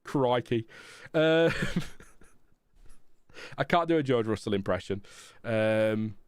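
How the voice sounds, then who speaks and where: A man's voice: mid-range voice, animated, slow, clean tone, no echo, studio quality. A man hosting a casual live watchalong stream, chatting frankly and rambling with fillers. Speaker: livestream host.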